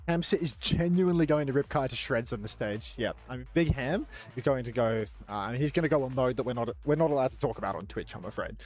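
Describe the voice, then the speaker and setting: A man's voice: medium pitch, quick pace, hardly any pauses, a little mellow, faint music behind. A man casting a co-stream, joking in casual chat with playfully boastful banter. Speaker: co-streaming esports caster.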